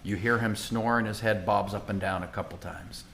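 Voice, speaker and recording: A man narrating as game master of a tabletop game, animated and chatty, often laughing. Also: fairly low pitch, normal speed, slight background noise.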